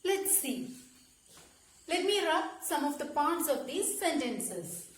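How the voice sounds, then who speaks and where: A woman teacher explaining a grammar lesson slowly, repeating key words and checking with "okay?". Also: high voice, big pitch swings, reverberant. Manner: slow, repetitive explaining with frequent "okay?" checks. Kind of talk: classroom lesson.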